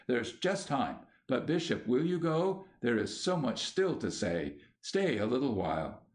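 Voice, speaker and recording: A man's voice: mid-range voice, big pitch swings, measured pace, a little mellow. A man voicing an earnest, troubled younger man who speaks in an urgent, pleading way.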